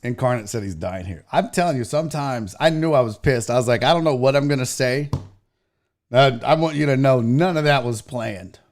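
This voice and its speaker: A man in his forties hosts a show with a mid-range voice and a fairly quick pace. It's a heated, profane livestream rant in which he mocks others using put-on voices.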